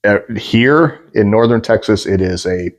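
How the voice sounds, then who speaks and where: A man's voice: lowish voice, a little slow. A man from the Pacific Northwest with a general American accent, chatting casually with many fillers as he reacts to a video. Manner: relaxed, explains at length with many fillers. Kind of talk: casual commentary.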